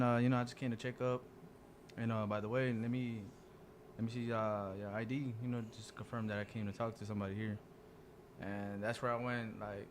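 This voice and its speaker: A young man from the Dallas area tells a story in a laid-back, easy way, swearing freely and slipping into the voices of the people he quotes. His voice is mid-pitched, with a faint hiss of noise behind it. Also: little pitch movement, a little fast. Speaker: podcast guest telling a story. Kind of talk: casual storytelling among friends.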